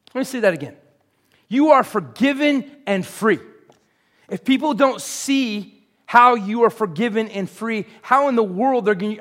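A man's voice: sits high, a bit bright. A man preaching a sermon in a conversational, joking way, full of rhetorical questions. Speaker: pastor.

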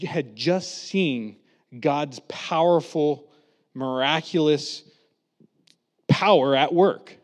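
Brief: male preacher, a bit higher than average, animated storytelling sermon delivery. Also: drawn-out words, pauses often, big-room sound. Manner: animated, acts out quotes with voices.

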